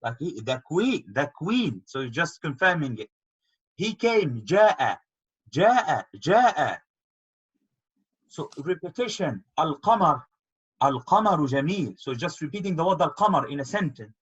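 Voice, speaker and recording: A man's voice: fairly high pitch, sing-song, fairly quick, a bit bright, slightly rough. A man teaching an online grammar lesson, patiently explaining with repeated examples. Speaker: Arabic teacher. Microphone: video call. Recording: dull lo-fi call audio.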